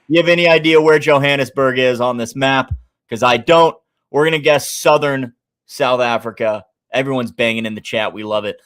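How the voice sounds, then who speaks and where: A man with a Midwestern American accent hosting a live sports stream, chatting casually, thinking aloud and shouting out viewers in the chat. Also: medium pitch, moderate pace, clean tone. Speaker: sports betting stream host.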